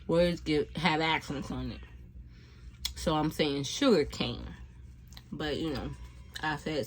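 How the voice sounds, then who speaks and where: A mukbang vlogger with a low voice chats casually to camera between bites, rambling in a laid-back way. There's slight background noise.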